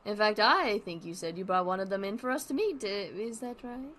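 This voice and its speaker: A woman's voice: mid-range voice, brisk, a bit bright, a little hiss or hum, close to an everyday voice. Woman reading as an upbeat male TV interviewer, light and chipper. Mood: cheery. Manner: upbeat scripted hosting.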